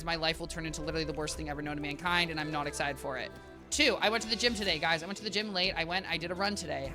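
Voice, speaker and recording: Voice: mid-range voice, pushed and bright. A young adult game streamer in casual gameplay commentary, rambling and chatting to viewers with lots of filler. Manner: rambling, talks to chat, heavy use of "like" and "guys".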